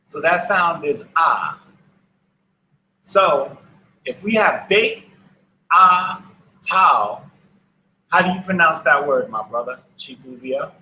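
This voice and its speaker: A man leads a class at a very unhurried pace and repeats words so students can echo them. His voice is bright and a little high. The sound carries the echo of a room. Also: expressive. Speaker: Hebrew teacher. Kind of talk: slow classroom instruction.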